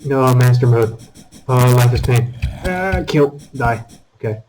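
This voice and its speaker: A man giving casual commentary over his own gameplay, taunting enemies and breaking into high exclamations. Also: a little slow, slight background noise, poor audio. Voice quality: calls his own voice squeaky. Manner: animated, talks to enemies, jumps to high exclamations. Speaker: gaming channel host.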